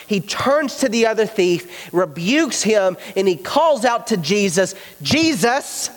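Male pastor, high voice, earnest emphatic sermon delivery, long church reverb. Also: a bit bright.

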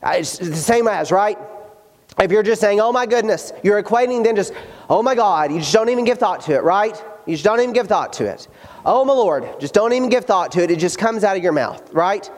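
A pastor preaching a sermon, earnest and emphatic, slowing down to stress the scripture he quotes. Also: sits high, animated, a little mellow. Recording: hall reverb.

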